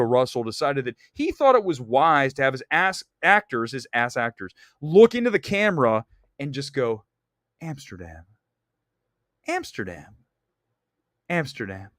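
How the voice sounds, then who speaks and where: A man hosting a casual movie talk livestream, rambling and animated, slipping into quick impressions. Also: medium pitch, dry recording, studio quality. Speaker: host of a movie talk stream.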